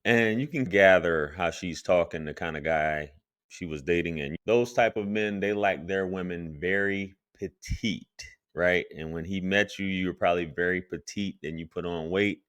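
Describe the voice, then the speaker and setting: Low-voiced man giving reaction commentary. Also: normal speed, a bit bright, no echo. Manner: opinionated, addresses viewers directly.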